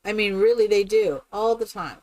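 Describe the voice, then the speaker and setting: A woman's voice: mid-range voice, normal speed, darkish tone. A woman chatting casually and rambling with many fillers while she builds in a game on a live stream.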